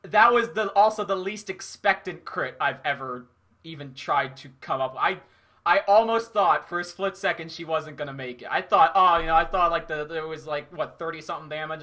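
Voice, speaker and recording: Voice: mid-range voice, normal speed, pushed and bright. A young adult game streamer, crying and laughing through a phlegmy voice, apologizing to viewers between sobs. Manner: overwhelmed, sobbing and laughing, apologetic. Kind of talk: live stream commentary.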